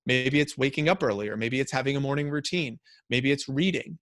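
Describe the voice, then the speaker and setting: A man giving a motivational talk to a company's staff, energetic and repeating key phrases for emphasis. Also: mid-range voice, a little fast, dry recording, clean studio sound. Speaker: motivational speaker.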